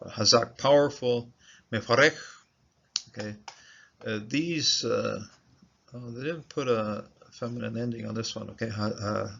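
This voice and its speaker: A man teaching a Bible passage word by word in a halting, informal way, sounding out Hebrew words and checking in with "okay?" after each point. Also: mid-range voice, vocal fry, fairly bright tone. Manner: halting, many fillers and repeated "okay?" checks. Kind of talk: informal verse-by-verse lesson. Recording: dull, lo-fi recording with faint noise.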